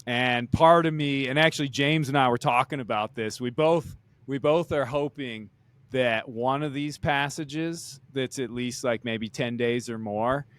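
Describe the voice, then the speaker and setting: Casting: male podcast host, mid-range voice, smooth and resonant, muses aloud with lots of restarts. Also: mid-range voice, unhurried, fairly bright tone, no echo. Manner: reflective, thinks aloud with many restarts. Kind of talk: casual conversation.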